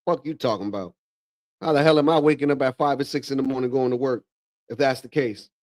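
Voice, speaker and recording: A man's voice: mid-range voice, quick pace, no room sound. Slangy man hosting a dry-sounding livestream. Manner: slangy, peppers speech with "bro" and "man"; animated, drops into mock voices of relatives. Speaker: livestream host. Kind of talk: casual reaction commentary.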